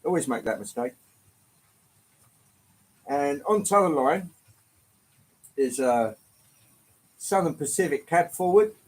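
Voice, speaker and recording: An English man with a slight London lilt hosts a relaxed live stream, talking in a somewhat higher register. He chats easily, greets viewers one by one, and drops the odd mild swear word with a laugh. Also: slow, long pauses, rough recording. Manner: chatty, greets viewers by name, swears lightly, laughs often. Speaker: livestream host. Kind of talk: casual live-stream chat.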